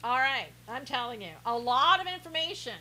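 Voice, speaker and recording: Sarcastic, teasing woman with a bright high voice. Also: expressive, fairly quick, rough recording. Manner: teasing, sarcastic, laughing often. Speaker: live stream host. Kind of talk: sarcastic live-stream chat, reading viewer comments.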